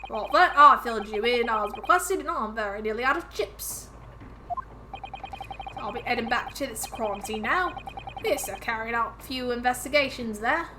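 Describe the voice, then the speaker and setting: A woman's voice: on the high side, expressive, moderate pace, noisy background, lightly acted. A woman voicing a gossipy, cheeky young British man in a video game, her accent slipping into a Southern drawl. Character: chatty British street lad, gossipy and cheeky.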